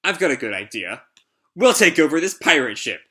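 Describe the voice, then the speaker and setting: Brash teen boy hero, cocky and excitable, bright voice, read by a man. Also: a little high, fairly quick.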